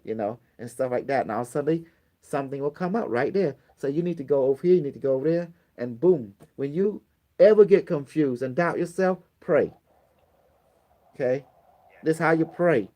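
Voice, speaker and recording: Blunt, slightly high-voiced man teaching. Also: a little fast, mellow. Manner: blunt, swears casually, repeats himself; acts out prayers in a pleading voice. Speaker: spiritual teacher. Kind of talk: casual spoken teaching to a small group.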